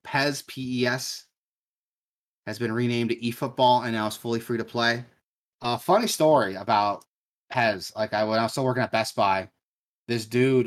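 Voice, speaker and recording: A young man co-hosting a gaming news podcast in casual chat, swearing freely and telling stories with lively energy. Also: medium pitch. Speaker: podcast co-host.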